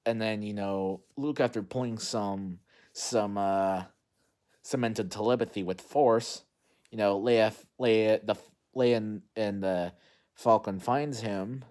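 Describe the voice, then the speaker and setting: Rambling man with a lowish voice. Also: steady tone, takes it slowly, a little mellow. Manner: rambling, heavy fillers and restarts. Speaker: movie vlogger. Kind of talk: casual unscripted movie recap.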